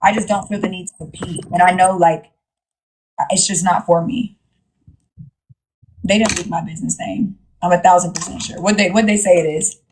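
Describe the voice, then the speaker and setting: A woman's voice: on the low side, steady tone, moderate pace, pauses often, slight background noise. A woman hosting a casual livestream, talking bluntly and profanely and repeating her points. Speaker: livestream host.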